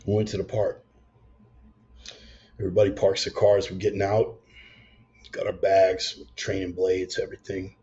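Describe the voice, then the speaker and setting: A man's voice: deep voice, flat delivery, normal speed, long pauses, mellow, dull audio. A man giving a conversational, emphatic sermon told as a personal story. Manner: conversational, emphatic, swears in passing. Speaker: preacher.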